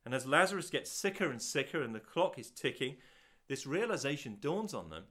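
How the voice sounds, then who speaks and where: A man preaching a sermon to an audience watching on video, asking rhetorical questions, swelling to loud peaks and dropping to hushed, slow lines. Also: mid-range voice, very animated.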